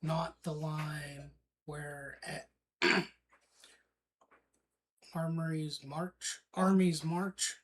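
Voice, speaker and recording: Slow, bright-voiced male podcast co-host. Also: a little high, level tone, slight background noise. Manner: slow, halting script reading with stumbles. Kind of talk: casual history podcast chat, reading a script.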